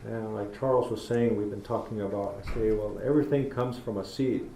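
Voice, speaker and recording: This middle-aged public lecturer tells folksy stories in a university lecture hall and acts out talking to children. His lowish, dark voice is steady and a little fast, and the room sounds echoey with faint noise.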